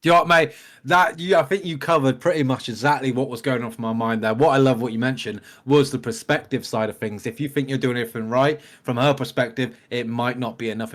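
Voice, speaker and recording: A man co-hosting a casual reaction show, earnest and agreeable. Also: mid-range voice. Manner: earnest, keeps saying mate. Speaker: reaction video co-host.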